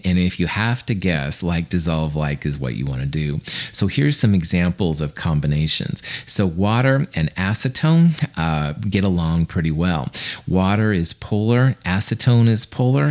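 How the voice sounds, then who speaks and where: A man with a deep, low voice teaches chemistry in a recorded screencast. He explains things casually and chattily, and drops in self-deprecating jokes. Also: a little mellow. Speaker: college chemistry instructor.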